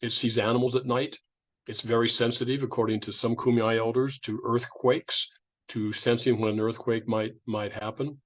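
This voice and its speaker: A man's voice: medium pitch, little pitch movement, moderate pace. A man from California giving an informal public lecture, talking in a conversational way with restarts and imitated sounds. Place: indoor lecture room.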